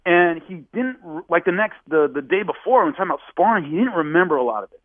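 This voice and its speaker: Man, podcast guest, casual storytelling, slightly high voice, dry sound. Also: quick pace, dry recording. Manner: animated, acts out quotes with raised pitch. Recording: phone-like narrow band.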